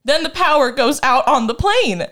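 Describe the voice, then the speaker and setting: Young woman, kinda high voice, rambling dramatic storytelling, laughs a lot, casual podcast chat. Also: expressive, normal speed, pushed and bright. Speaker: podcast co-host.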